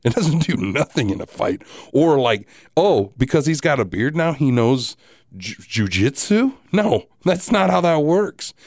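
Animated man telling a story. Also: a little high, measured pace, hardly any pauses, no room sound, clean studio sound. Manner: animated, profane, wry. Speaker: podcast host. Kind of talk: casual storytelling monologue.

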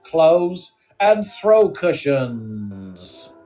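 A man's voice: medium pitch, level tone, slow, faint music behind, close to an everyday voice. Bob, a man's put-on voice: chipper folksy American host, hammy, slightly distant lo-fi sound. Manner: hammy, overly chipper, says "say". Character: eager folksy American presenter Bob, adult man.

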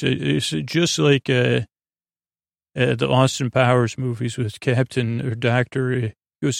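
Man, gravelly voice, flat delivery, dry close sound, casual rambling episode recap. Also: medium pitch, unhurried, no room sound. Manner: rambling retelling with loose paraphrased quotes. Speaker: podcast host.

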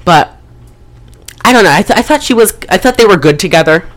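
A woman's voice: medium pitch, lively intonation, brisk. A young woman hosting a casual chat, retelling a film's scenes in a rambling, profane way. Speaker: podcast host reviewing a film.

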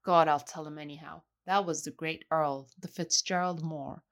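A man's voice: on the high side, steady tone, moderate pace, a bit bright. A woman reader voicing a jovial, boisterous man who keeps exclaiming and sneezing. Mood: chatty.

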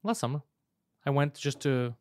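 A man hosting a comedy podcast, telling stories in fast, profane casual chat with lots of fillers. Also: mid-range voice, animated, a little mellow, no echo, studio quality.

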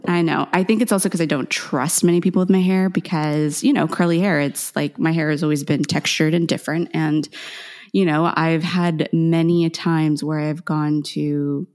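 A young woman with a fairly low voice co-hosts a casual chat podcast. She tells her stories in an animated way, fills her lines with "like" and swears freely. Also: moderate pace. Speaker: podcast co-host.

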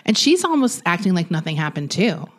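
A woman's voice: lowish voice, big pitch swings, fast. A woman co-hosting a podcast, chatting emphatically about a film and laughing easily. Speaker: podcast co-host. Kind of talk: casual chat about a movie.

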